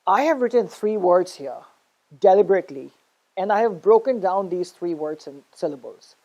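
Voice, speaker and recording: A woman's voice: on the low side, expressive, warm tone, rough recording. Woman teaching English pronunciation. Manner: explains slowly, checks in with "okay?". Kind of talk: online English lesson.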